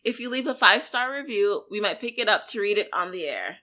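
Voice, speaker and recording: A woman co-hosting a podcast, chatting excitably and swearing casually. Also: medium pitch, fairly quick. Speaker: podcast co-host. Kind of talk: casual chat.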